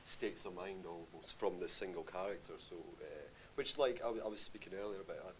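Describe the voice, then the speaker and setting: Rambling man, lowish voice. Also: fairly quick, slight background noise. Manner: rambling, filler-heavy, says aye often. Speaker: film director guest. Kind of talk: live Q&A conversation. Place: live stage event.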